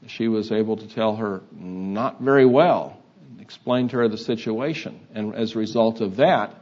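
An older man preaching a sermon, in a halting, conversational way with many fillers. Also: lowish voice, steady tone, a little mellow. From Texas. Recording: dull lo-fi sound.

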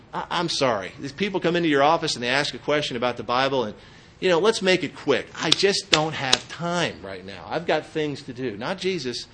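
A man's voice: a little high, fairly bright tone. A middle-aged man preaching a sermon in a church, emphatic and quizzing his listeners with questions. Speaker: pastor.

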